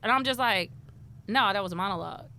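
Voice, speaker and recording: A woman from Houston, a rapper and poet telling lively stories as an interview guest and acting out what people said. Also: medium pitch, fast talker. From Houston, Texas. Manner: animated storyteller who acts out quoted dialogue. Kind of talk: casual interview chat.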